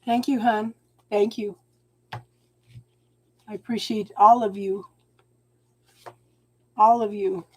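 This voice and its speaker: A middle-aged woman, hosting a live tarot reading and advising viewers in a warm, encouraging way, calling them hon. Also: mid-range voice, steady tone, very slow, pauses often, husky. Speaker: tarot reader and channel host.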